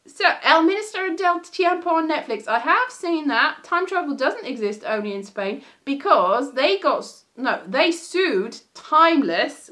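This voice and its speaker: Brief: woman livestream host, fairly high voice, rambling and self-correcting chat. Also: a bit bright. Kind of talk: casual chat.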